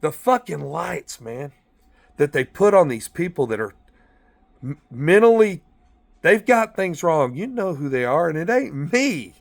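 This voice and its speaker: This ex-corrections officer's voice is a little high, gravelly and slightly slow. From inside a car, he rambles through profane, blunt stories with plenty of animation.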